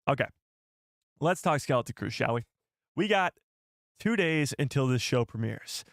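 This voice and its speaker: Excitable man hosting a live stream. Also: medium pitch, normal speed, creaky, long pauses, dry recording, studio quality. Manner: excitable, joking, animated. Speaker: livestream host. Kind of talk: live stream chat with viewers.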